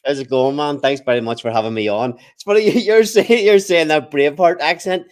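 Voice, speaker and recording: An Irish man from Ireland, a game developer guest in a casual interview chat, easygoing and quick to laugh. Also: a little high.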